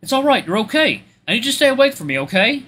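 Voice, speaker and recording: Dude voicing a chill soft-spoken doc, kinda higher voice, calming someone down. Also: male voice, fast, husky, full character voice. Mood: gentle. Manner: soft, reassuring, gentle instructions. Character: calm male doctor, gentle and steady.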